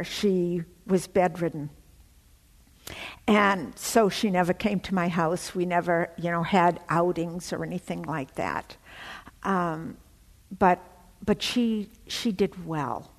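A woman giving an emotional personal testimony, telling her story haltingly with many fillers. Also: fairly low pitch, in a large hall.

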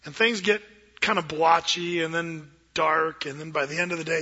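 A middle-aged man, a pastor preaching a sermon in an animated, joking way that acts out quoted voices. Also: fairly high pitch, brisk, slightly rough, highs cut off.

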